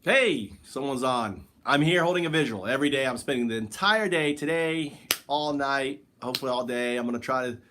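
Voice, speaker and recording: A man's voice: medium pitch, brisk, bright, forceful tone, slight background noise. A man chatting loosely on a livestream from home. He rambles from one thought to the next and speaks straight to his viewers, reacting to the chat as it comes in. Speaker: livestream host. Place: at home, sitting on the floor.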